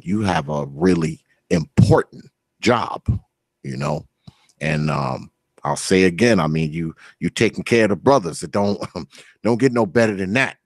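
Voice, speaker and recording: A man's voice: low-pitched, vocal fry, no room sound, studio quality. A man hosting a casual online interview, speaking earnestly and gratefully, often repeating himself. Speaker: host.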